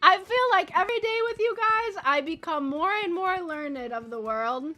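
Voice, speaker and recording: A woman's voice: very high voice, animated, normal speed, pushed and bright. A young woman streaming a farming game, chatting casually with her viewers, giggling often and talking while she eats. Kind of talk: casual chat while playing. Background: faint game music.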